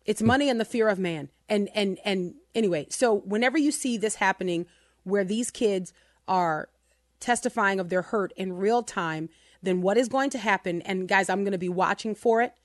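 A woman's voice: medium pitch, moderate pace, dry recording, studio quality. A woman hosting a Christian radio talk show, talking in a passionate, emotional and emphatic way.

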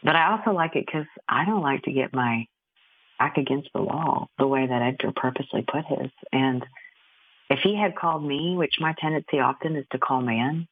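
A woman author, a guest on a talk show, telling stories in a lively way, often laughing. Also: rumbling low, normal speed, breathy edge, dry recording, narrow, tinny audio. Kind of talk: casual interview chat.

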